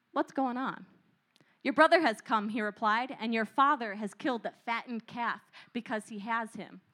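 A young woman preaching a lively youth sermon who acts out voices and asks the crowd questions. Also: fairly high pitch.

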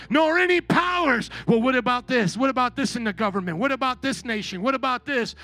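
A man preaching a sermon as pastor, animated, acting out whining complainers and shouting for emphasis. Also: very high-pitched, fairly quick, hardly any pauses, soft background music.

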